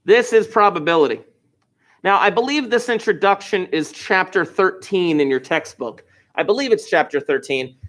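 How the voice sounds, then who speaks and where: Middle-aged male teacher, rambling and upbeat, somewhat high-pitched, lecturing a class. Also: lively intonation, normal speed, a bit bright. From New Jersey. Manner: chatty, enthusiastic, wandering asides. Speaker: high school math teacher.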